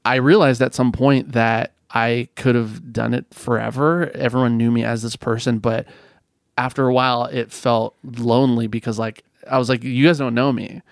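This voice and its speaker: A man's voice: mid-range voice, moderate pace, no echo, studio quality. A man from California, a podcast guest, telling a story in a loose, chatty way, full of restarts and "like.". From California, USA. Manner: animated storyteller, frequent restarts and "like". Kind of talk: casual storytelling chat.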